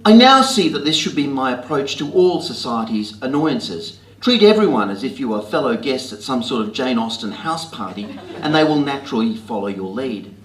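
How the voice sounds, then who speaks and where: An Australian man reading his own comic writing aloud to an audience with a wry, deadpan, self-mocking delivery, in a library talk venue. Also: medium pitch, normal speed, hardly any pauses. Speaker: author reading his work. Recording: roomy hall with faint ambience.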